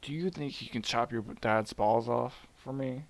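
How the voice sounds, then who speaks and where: A man's voice: medium pitch, normal speed, gravelly, dry recording, lightly acted. A man voicing an exasperated female earth goddess mother in a casual myth retelling, using slangy, fed-up speech. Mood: scheming.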